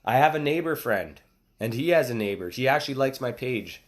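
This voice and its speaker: A man in his thirties giving a casual motivational talk, with excited, emphatic exclamations. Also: mid-range voice, brisk. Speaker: motivational speaker.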